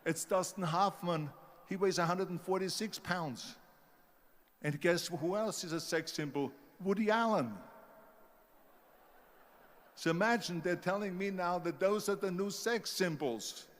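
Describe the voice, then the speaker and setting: A man's voice: high voice, moderate pace, fairly bright tone, big-room sound. An older man with a strong Austrian German accent, giving an emphatic motivational speech and telling stories, mimicking the people who doubted him. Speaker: motivational speaker.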